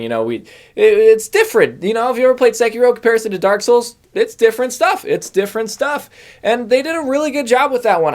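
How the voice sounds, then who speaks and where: A young man doing a rambling stand-up comedy set, laughing at his own jokes and mocking himself. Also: on the high side.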